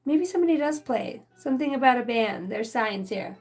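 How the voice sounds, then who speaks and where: A woman's voice: fairly high pitch, expressive, brisk, darkish tone, soft background music. A woman giving a rambling, casual channeled reading, swearing freely and talking straight to her listeners. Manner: rambling, profane, chatty. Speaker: spiritual channeler.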